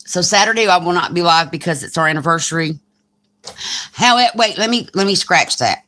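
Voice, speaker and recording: A woman's voice: lowish voice, lively intonation, a little fast, fairly bright tone. Chatty Southern woman on a live stream. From Alabama, US. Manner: chatty, teasing, reads comments aloud. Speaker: crafting channel host. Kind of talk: casual live-stream chat.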